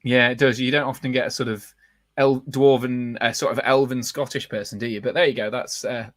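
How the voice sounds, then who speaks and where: Male live show host, chatty, halting, dry close sound. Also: medium pitch, steady tone, no room sound. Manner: rambling, many fillers and restarts. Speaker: podcast host. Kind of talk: casual livestream chat.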